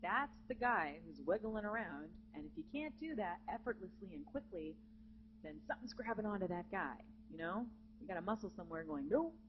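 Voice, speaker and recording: Woman, animated pitch, casual teaching talk, dull lo-fi live recording, faint hiss. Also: fairly quick. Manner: chatty, conversational, with asides and fillers. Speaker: vocal jazz clinician. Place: conference center before a live audience of students.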